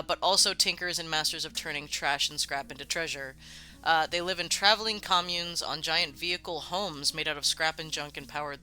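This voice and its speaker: Bright-voiced casual streamer chatting. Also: medium pitch. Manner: loose and casual, swears freely, many fillers. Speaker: streamer hosting a worldbuilding stream. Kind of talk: casual live-stream chat, answering viewer comments.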